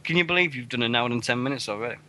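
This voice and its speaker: A man from Sheffield with a Sheffield accent, hosting a casual radio chat, excitable and swearing freely. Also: mid-range voice, very fast. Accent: Sheffield English. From Sheffield, England. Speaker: radio show host. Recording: internet radio show.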